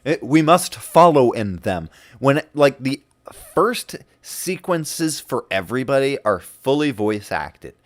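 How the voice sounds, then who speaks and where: A man's voice: medium pitch, sing-song, slow pace, few pauses. A man streaming a game and chatting casually, laughing often and swearing now and then. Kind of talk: casual commentary while gaming.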